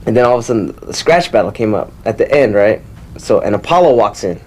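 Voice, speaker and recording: A man's voice: on the low side, very animated, quick pace. A young man from the Bay Area telling a casual, rambling story as an interviewee and mimicking turntable scratches with his mouth.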